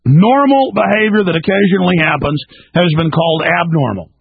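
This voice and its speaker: A man hosting a talk radio show, ranting and shouting in an urgent, preachy way. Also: on the high side, fairly quick, vocal fry, breathy edge, no echo. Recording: phone-like lo-fi radio broadcast.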